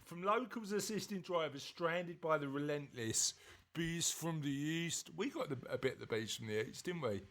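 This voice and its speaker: Chatty man with a higher voice. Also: animated, brisk, hardly any pauses, fairly bright tone. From southeast England. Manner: chatty, jokey, stumbles over words. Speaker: podcast co-host. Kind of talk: casual podcast chat, reading news aloud.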